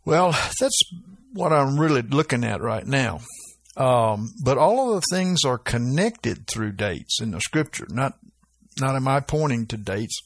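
A man's voice: mid-range voice, dry recording. A man preaching an informal sermon, reading scripture aloud with lifted emphasis and often asking his listeners "right?".

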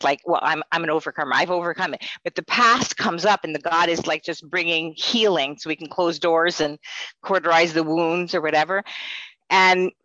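A woman's voice: fairly low pitch, bright, forceful tone, dry recording, highs cut off. A woman sharing a personal faith testimony in earnest, rambling storytelling.

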